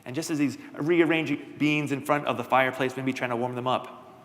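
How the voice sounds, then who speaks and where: A man telling a children's story at a worship service, playful and lively, with asides to his listeners. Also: medium pitch, fairly quick. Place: church sanctuary. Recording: long church reverb.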